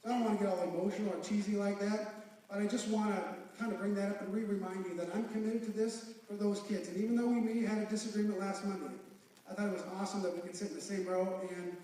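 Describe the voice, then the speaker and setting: A man's voice: high voice, steady tone, fast talker, dark tone. A man and school board member speaking with emotion and earnestness at a public forum in a large school auditorium. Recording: echoey hall from far off.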